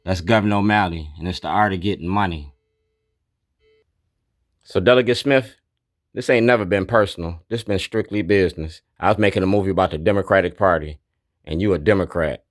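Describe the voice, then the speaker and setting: A man with a fairly low voice talks bluntly and declaratively, naming each item he points at. The sound is dry and close, with almost no room around it. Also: brisk, no room sound. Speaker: activist. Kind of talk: narrated documentary walkthrough.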